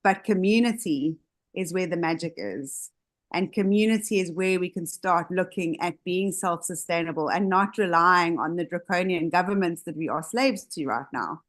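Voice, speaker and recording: A woman with a somewhat low voice speaks over a video call. She is earnest and idealistic, and she chooses her words slowly and deliberately. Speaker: community leader. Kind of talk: inspirational speech on a video call.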